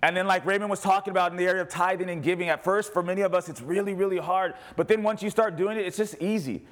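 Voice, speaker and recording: A man preaching as a pastor, animated, rising to loud cries and dropping to quiet asides. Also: high voice, quick pace. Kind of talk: sermon.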